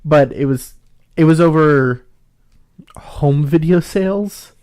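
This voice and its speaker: A man co-hosting a casual podcast chat, explaining background at length and filling pauses with ums. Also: a little high, darkish tone. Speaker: podcast co-host.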